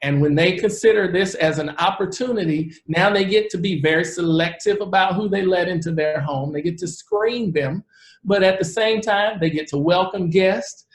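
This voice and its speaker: A man in his forties, a real estate investor, giving a live presentation and telling stories in an earnest, animated way. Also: sits high, normal speed. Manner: earnest, animated storyteller who acts out the people he quotes. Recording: roomy echo.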